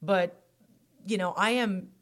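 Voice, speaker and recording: A woman's voice: medium pitch, fairly even intonation, takes it slowly. A woman talking candidly as a guest on a podcast about her stepson, getting emotional and choked up. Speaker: stepmother guest. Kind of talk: emotional interview talk.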